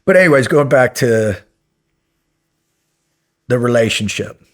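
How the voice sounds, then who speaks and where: A former Navy SEAL guest telling a story in a casual, animated way, acting out the dialogue and restarting sentences as he goes. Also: mid-range voice, unhurried. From United States. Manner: animated, acts out quoted dialogue, many restarts.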